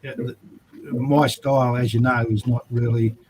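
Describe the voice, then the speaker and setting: A man's voice: mid-range voice, little pitch movement, moderate pace, a little mellow, a little hiss or hum, low-quality recording. An Australian man hosting a casual chat about comics, rambling and laid-back with plenty of fillers. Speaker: host.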